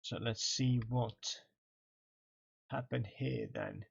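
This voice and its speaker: A man's voice: mid-range voice, fairly even intonation, unhurried, vocal fry, long pauses, lo-fi sound. Tired man streaming a game. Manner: tired, talks through stats to himself. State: tired, yawning. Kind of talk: casual let's-play commentary.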